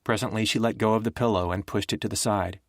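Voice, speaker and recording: A man narrating a thriller audiobook in a steady, measured way. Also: lowish voice, no room sound, clean studio sound. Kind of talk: scripted narration.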